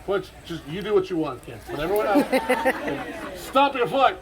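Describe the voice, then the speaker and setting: A man's voice: high-pitched, big pitch swings, moderate pace, low-quality recording. A man leading a crowd in live outdoor street theater, commanding and theatrical with dry sarcastic asides. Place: outdoor festival stage.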